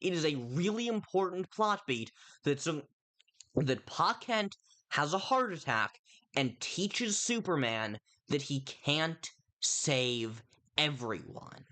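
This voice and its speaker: Casual streamer voice, animated pitch, digressive, talks straight to chat, lots of false starts. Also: slow. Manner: rambling, with frequent self-interruptions and restarts; chats directly to viewers in chat. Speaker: livestreamer reviewing a film.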